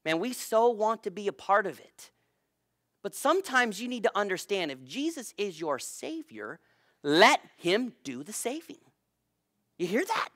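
A male pastor preaching a sermon, telling jokes and swinging his voice from loud to a near whisper. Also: high-pitched, big pitch swings, a little slow, dry recording, studio quality. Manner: playful jokes to keep listeners awake.

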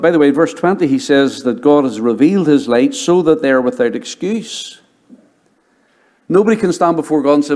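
A middle-aged male pastor preaching a sermon and telling his conversion story, dropping to a hushed voice when he quotes people. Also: mid-range voice. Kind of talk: sermon with personal testimony.

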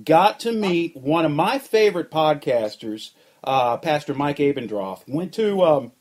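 A man's voice: a little high, lively intonation, unhurried, darkish tone. A man co-hosting a podcast, with an easygoing manner and frequent chuckles. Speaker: podcast co-host. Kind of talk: casual interview chat.

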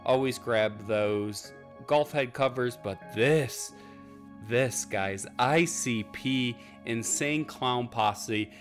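A man's voice: medium pitch, drawn-out words, soft background music. A man co-hosting a casual thrift haul vlog, upbeat and bragging about his finds, in a hotel room. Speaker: vlog co-host, thrift reseller.

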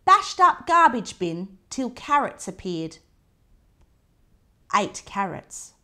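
A woman reads a children's picture book aloud, taking her time over each short entry. Her voice rises and falls with plenty of movement, and she breaks off now and then to point things out softly to the listening child. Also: medium pitch, sing-song. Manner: slow, clipped diary entries with soft asides to the child.

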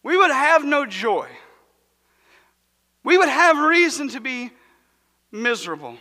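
High-voiced preacher in a church hall. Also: male voice, very animated, slow. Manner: rhythmic preaching that swells to shouts and drops to a hush. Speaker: pastor. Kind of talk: sermon. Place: church sanctuary. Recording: long church hall reverb.

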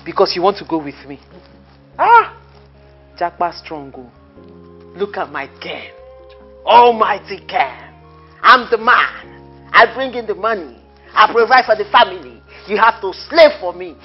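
A woman's voice: medium pitch, lively intonation, measured pace, slightly rough. An actress playing a defiant wife with a Nigerian accent who mocks her begging husband. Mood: mocking. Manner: mocking, taunting. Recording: dull film audio with music.

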